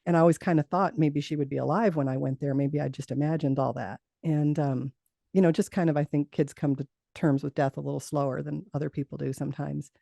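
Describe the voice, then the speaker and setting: A woman's voice: sits low, steady tone, a little fast, gravelly, mellow, dry recording. A middle-aged woman, a guest in an interview, telling a personal story earnestly, laughing now and then and restarting her sentences.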